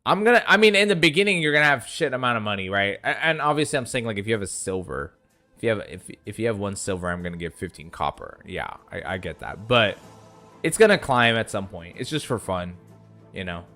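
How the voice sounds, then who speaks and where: A man's voice: lowish voice, animated, fairly quick, bright, forceful tone. A young man from the US East Coast, a streamer chatting casually and swearing as he reads chat aloud. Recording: faint music behind.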